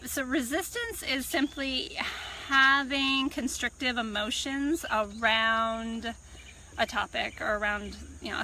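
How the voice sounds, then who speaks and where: A woman, a personal growth coach, giving a calm, reflective self-help talk to camera outdoors on a farm. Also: a little high, slight background noise, low-quality recording. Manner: calm, reflective, unhurried teaching. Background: birds and crickets.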